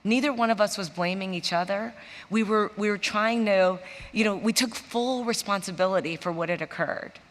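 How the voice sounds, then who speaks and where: A woman's voice: medium pitch, normal speed. Storytelling woman in a big echoing hall. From Chicago, USA. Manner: animated storyteller, acts out quoted voices. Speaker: interview guest, business executive. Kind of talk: storytelling in a stage interview. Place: large conference hall on stage. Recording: reverberant conference hall.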